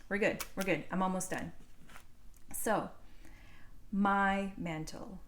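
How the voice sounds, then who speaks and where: A woman's voice: medium pitch, steady tone, slow pace, a little hiss or hum. A woman in her forties, a knitting podcast host, telling a casual story into a phone, rambling with fillers and restarts.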